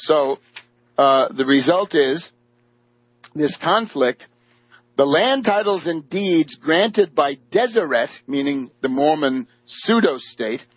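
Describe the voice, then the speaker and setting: A man's voice: a little high, no echo. A man giving a rambling political monologue, full of fillers and restarts. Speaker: political commentator. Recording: dull lo-fi dry audio.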